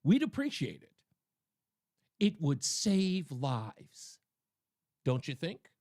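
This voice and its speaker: A man's voice: fairly high pitch, wildly swooping pitch, slow, darkish tone, dry recording. A male talk radio host giving sarcastic, mocking political commentary on a studio mic.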